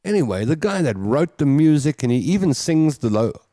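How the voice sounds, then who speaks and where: A man's voice: a little high, big pitch swings, normal speed, dark tone, no room sound, studio quality. A man hosting a call-in show, reading listeners' comments and chatting about them. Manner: chatty, reads comments aloud and riffs on them. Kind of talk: casual chat.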